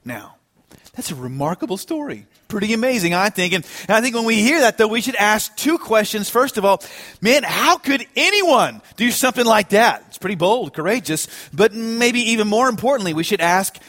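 A man preaching a sermon, telling a story with animated, emphatic delivery that builds to strong peaks. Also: high voice, brisk. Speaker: pastor.

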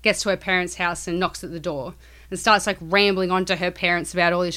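A woman's voice: on the low side, fast talker. Profane storytelling woman. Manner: profane, animated retelling with acted quotes. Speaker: podcast co-host. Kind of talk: casual storytelling chat.

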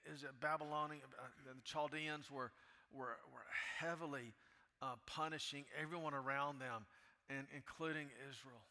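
A man preaching a sermon, dropping low and quiet, then rising into loud, impassioned pleading as he reads scripture. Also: fairly even intonation, normal speed, big-room sound. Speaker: pastor.

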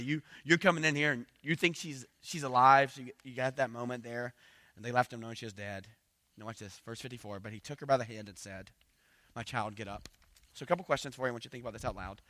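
Fast, bright-voiced pastor preaching. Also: male voice, mid-range voice, no echo. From South Georgia. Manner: animated, playful asides, acts out little voices. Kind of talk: sermon.

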